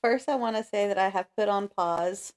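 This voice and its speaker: A woman's voice: mid-range voice, moderate pace, darkish tone. A woman co-hosting a casual book podcast, talking in an easygoing, conversational way. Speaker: podcast co-host.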